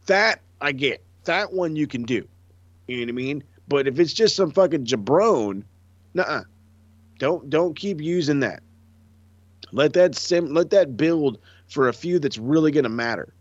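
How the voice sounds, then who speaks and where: A man co-hosting a casual chat show, animated and profane, often acting out what others said. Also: on the high side, a little slow, no room sound. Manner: animated, profane, acts out quotes. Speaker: podcast co-host. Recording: dull lo-fi dry mic.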